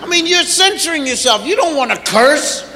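A man performing a stand-up comedy routine, animated and repetitive as he mimics exasperated parents. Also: very high voice, normal speed, a faint crowd, a little hiss or hum. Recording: echoey theater with long reverb.

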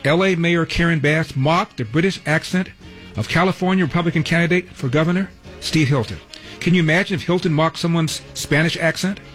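A man's voice: fairly high pitch, brisk, fairly bright tone, soft background music. A man hosting a talk radio show, delivering news headlines with wry, sardonic asides. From Los Angeles.

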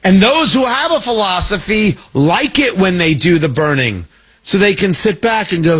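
A man hosting a talk radio show, giving an emphatic, mocking political commentary monologue with drawn-out stresses. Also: high-pitched, animated, a bit bright, slightly rough.

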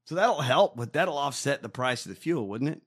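A man's voice: medium pitch, lively intonation, a little fast, husky. Profane ranting man. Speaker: co-host. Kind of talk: casual podcast banter.

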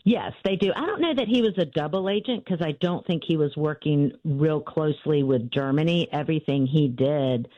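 A woman's voice: sits low, moderate pace, few pauses, no room sound, muffled recording. A woman author telling her family's story in an interview, earnest and full of fillers and restarts.

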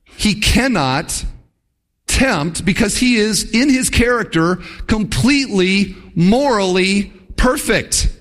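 An earnest male preacher works through his text, posing rhetorical questions to the room. His voice sits high for a man. Long reverb from the church hall trails after his words. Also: expressive, slow pace, fairly bright tone. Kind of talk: expository sermon.

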